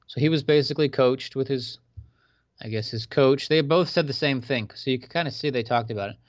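A man with a medium-pitched voice hosts a radio show, briskly offering casual religious commentary that's preachy yet conversational, with sarcastic asides. The dry recording sounds dull and lo-fi.

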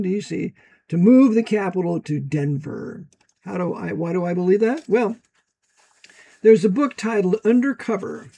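A high-pitched American man delivering a preachy monologue. He talks emphatically and swings into loud bursts, then reads passages aloud from a book. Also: vocal fry, breathy edge. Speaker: commentator.

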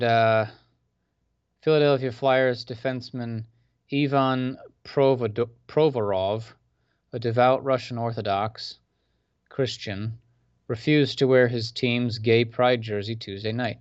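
A man's voice: medium pitch, fairly even intonation, slow pace, pauses often, clean tone, no room sound. A man hosting a radio show, giving casual religious commentary in a preachy, conversational way with sarcastic asides. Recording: dull lo-fi sound.

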